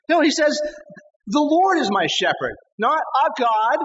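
A man preaching a sermon, earnest and emphatic, slowing down to stress scripture quotes. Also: very high voice, sing-song, fairly bright tone, big-room sound, lo-fi sound, slight background noise. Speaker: pastor. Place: church sanctuary.

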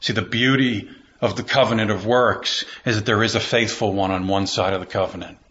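A man's voice: on the low side, fairly even intonation, brisk, fairly bright tone, highs cut off. A man preaching a sermon as pastor, building phrases through repetition and rising fervor.

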